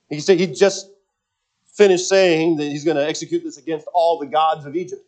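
Preacher, male, slightly high voice; earnest emphatic sermon delivery with stumbling restarts. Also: a little fast, a little mellow. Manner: earnest, emphatic preaching with frequent word repeats.

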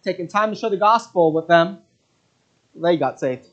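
A man preaching a sermon who tells mission stories in an earnest, halting way, with many fillers. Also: high voice. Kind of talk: sermon with storytelling. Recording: dull lo-fi recording.

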